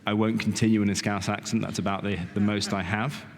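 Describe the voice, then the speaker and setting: A man's voice: fairly low pitch, little pitch movement, fast. A middle-aged man giving a sermon in a church, talking in a conversational way, often asking "okay?" and saying "kind of". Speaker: lay preacher. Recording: long reverb of a church hall.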